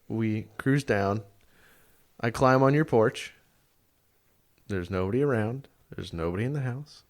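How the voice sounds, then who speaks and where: A man's voice: on the low side, measured pace, long pauses. A man co-hosting a podcast in casual chat, teasing and cutting in with questions. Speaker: podcast co-host.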